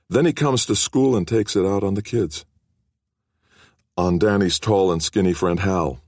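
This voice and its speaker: Deep husky male audiobook narrator. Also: no echo, clean studio sound. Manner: expressive, varied reading.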